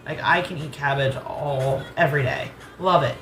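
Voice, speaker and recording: Cooking in her home kitchen, this Southern American host of a cooking channel chats casually, wanders off topic, and laughs freely. She has a deep, somewhat bright voice at normal speed. The room is echoey, with slight background noise.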